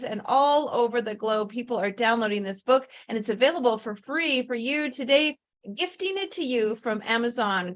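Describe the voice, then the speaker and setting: A woman's voice: a little high, fairly bright tone. A woman hosting an online author event, enthusiastic and gushing as she introduces guests over a video call. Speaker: host. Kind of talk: upbeat livestream hosting.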